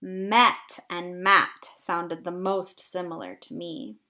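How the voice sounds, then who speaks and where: A kindergarten teacher, a woman, leads a phonics lesson at a very slow, careful pace. Her bright, crisp voice sounds out short words one by one so that small children can hear every vowel. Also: lowish voice, steady tone. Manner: deliberate, drawn-out sounding of words.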